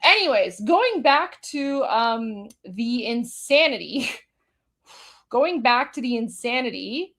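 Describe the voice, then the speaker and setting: High-voiced woman hosting a mocking livestream. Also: sing-song, takes it slowly, fairly bright tone. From Iran. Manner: mocking and incredulous, many fillers. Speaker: livestream host. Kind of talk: casual commentary on video clips.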